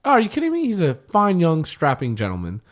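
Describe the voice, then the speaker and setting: A man's voice: a little high, huge pitch swings, fast talker, soft background music. A man guesting on a podcast, bantering in a brash, mock-tough way. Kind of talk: casual chat.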